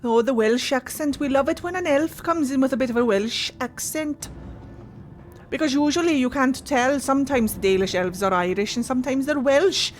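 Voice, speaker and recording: A woman's voice: sits high, slight background noise. A woman streaming a fantasy game live, chatting casually and laughing between scenes. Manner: chatty, laughing, gushing asides. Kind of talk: casual gameplay commentary.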